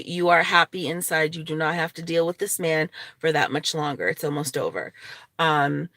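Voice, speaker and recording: A woman's voice: fairly low pitch, a bit bright, no echo. A woman vlogging casually to her viewers, chatty and opinionated, laughing often as she talks. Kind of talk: casual talking-head vlog.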